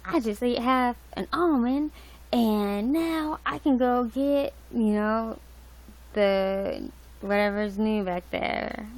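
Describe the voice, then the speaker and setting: A woman's voice: a little high, slow pace, pitched above the performer's own voice. Woman doing a giddy shrieking store cashier. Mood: giddy excited. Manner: gasping, breathless glee. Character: overexcited female store cashier.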